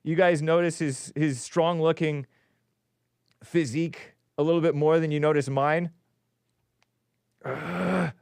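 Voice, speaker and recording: A man's voice: fairly high pitch, steady tone, slow, vocal fry, pauses often, darkish tone, clean tone, dry recording, clean studio sound. A man hosting a call-in show, reading news aloud with sarcastic, rambling asides and chuckles. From California. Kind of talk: casual live-stream commentary.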